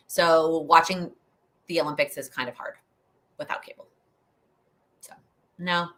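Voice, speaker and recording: A woman's voice: deep voice, fairly even intonation, a little slow, a bit bright. A young woman hosting a live Q&A stream, chatty and rambling, laughing often as she answers questions. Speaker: host.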